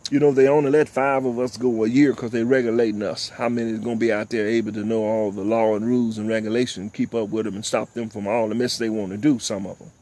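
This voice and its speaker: An older man, hosting a talk show and delivering impassioned, preachy commentary, often repeating "ladies and gentlemen.". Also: fairly low pitch, fairly even intonation, fast talker, hardly any pauses. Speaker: host.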